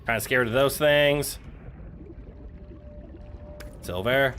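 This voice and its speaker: Animated joking male game streamer. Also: medium pitch, moderate pace, slight background noise. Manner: animated and joking, swears, talks to chat and his pet. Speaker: streamer playing a survival game. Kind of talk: casual game stream chat.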